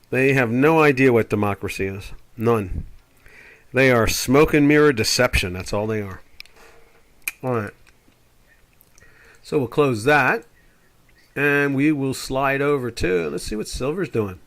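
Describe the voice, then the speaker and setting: A man's voice: mid-range voice, a little slow, long pauses, fairly bright tone. An older man hosting a live trading chat, rambling and opinionated as he talks through market charts. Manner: rambling, opinionated, puts on quoted voices. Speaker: trading show host.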